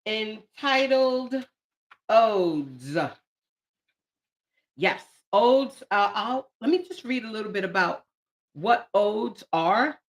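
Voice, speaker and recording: A woman's voice: medium pitch, lively intonation, slow pace, long pauses. A young adult woman hosting a live stream, reading her poems with playful, chatty asides to her viewers. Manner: playful, talks back to herself, swings from joking to tearful. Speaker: poet and channel host.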